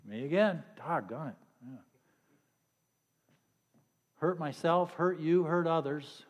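A man's voice: on the high side, slow pace. Middle-aged guy preaching, jokey and sarcastic, hall echo trailing behind him. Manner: conversational, joking, sarcastic asides to the congregation. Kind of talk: sermon. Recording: long reverb of a hall.

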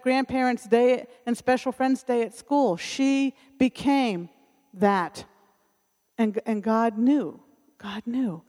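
Speaking at a church service, a middle-aged woman with a fairly high-pitched, darkish voice gives a sermon featuring her personal testimony. She tells the story with earnestness and acts out the voices of those she quotes, all within a long hall reverb.

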